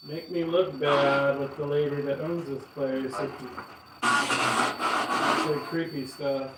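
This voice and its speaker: A man's voice: fairly high pitch, little pitch movement, slow. A man investigating a house for ghosts, calling out questions to spirits in a coaxing, puzzled way. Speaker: paranormal investigator. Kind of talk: ghost-hunting vlog, addressing spirits. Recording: roomy echo, distant mic, loud insect noise. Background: crickets and insects chirping.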